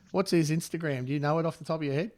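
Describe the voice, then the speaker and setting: A man in casual podcast chat, friendly and quick to laugh. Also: a little high, no echo. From Australia. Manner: friendly, laughs easily, says mate.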